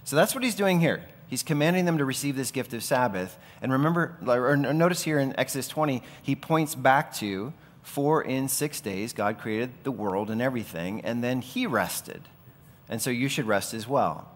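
A male pastor delivering a sermon in a relaxed, conversational manner that stays earnest. His voice sits at an ordinary middle pitch. The room around him rings with a long, hall-like reverb. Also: normal speed. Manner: conversational, earnest, with everyday asides.

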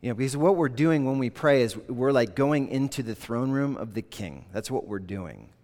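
A man preaching a sermon in an earnest, conversational way, slipping into animated quoted voices. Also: mid-range voice, normal speed. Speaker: pastor. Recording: long reverb of a large hall.

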